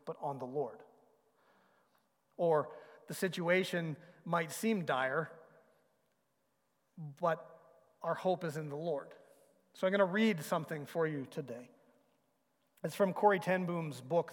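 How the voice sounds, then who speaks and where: A man preaching a sermon and reading a story aloud, speaking earnestly with halting restarts. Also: fairly high pitch, long reverb tail.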